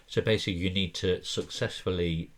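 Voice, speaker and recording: A man co-hosting a board game podcast, reading card rules aloud in a measured way. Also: low-pitched, fairly even intonation. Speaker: podcast co-host. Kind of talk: casual board game discussion.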